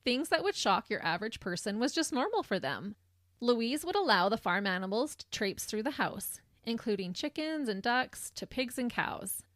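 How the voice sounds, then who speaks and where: A woman co-hosting a true crime podcast, reading the case in measured narration with a laugh now and then. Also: on the high side, big pitch swings, a bit bright, dry recording, studio quality. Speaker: podcast co-host.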